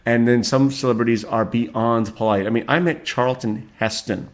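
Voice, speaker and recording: 40s guy doing his solo show, rambly and sweary, kinda chuckles through it, normal pitch. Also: fairly even intonation, normal speed. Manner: rambling, profane, chuckling asides. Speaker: podcast host. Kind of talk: solo talk show, reading celebrity birthdays.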